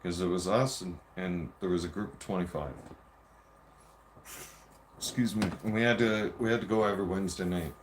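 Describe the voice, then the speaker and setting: A low-voiced man vents to his viewers in a loose, profane storytelling rant. He keeps slipping into heated re-enactments of old arguments. Faint background noise sits under the recording. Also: moderate pace, pauses often. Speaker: vlogger.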